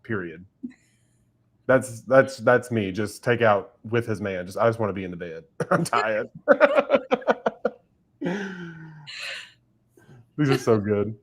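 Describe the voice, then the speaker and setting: A man's voice: lowish voice, very animated, slow, long pauses. A man hosting a casual writing livestream, chatty and giggling often. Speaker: livestream host and writer.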